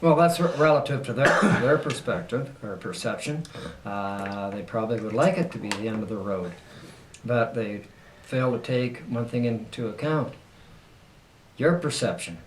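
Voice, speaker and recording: A man's voice: medium pitch, normal speed, far from the mic. Brief: hesitant, rambling male guest, wry humor, roomy echo, faint background noise. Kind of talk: casual interview. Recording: echoey room.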